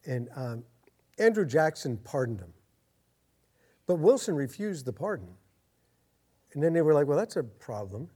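A man preaching a sermon as a pastor, earnest, getting louder and slowing down to stress his points. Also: on the high side, big pitch swings, breathy edge. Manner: earnest, swells louder and slows down for emphasis.

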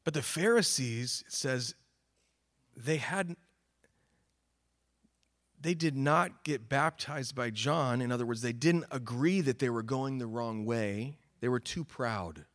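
A man preaching a sermon, earnest, swinging from emphatic calls to quiet, sober remarks. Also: mid-range voice, takes it slowly. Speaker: pastor.

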